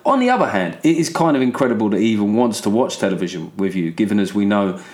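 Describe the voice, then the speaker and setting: Sweary, rambling English podcast host. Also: male voice, on the low side, lively intonation, quick pace, darkish tone. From England. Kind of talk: casual solo podcast monologue.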